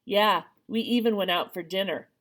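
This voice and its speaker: A woman reading the lines of a gentle, teasing teenage boy in a storybook. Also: mid-range voice, moderate pace, natural voice.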